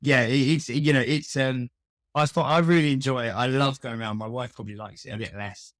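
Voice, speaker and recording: A man's voice: mid-range voice, steady tone, brisk, no echo, studio quality. A man, a customer experience expert, chatting as a podcast guest and telling wry, self-mocking stories. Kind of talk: casual interview conversation.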